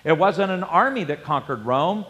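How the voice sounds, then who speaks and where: A man's voice: on the high side, lively intonation, normal speed, a bit bright, in a large hall, dull audio. A man preaching a sermon, telling a personal story in a conversational way and acting out the dialogue. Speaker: pastor.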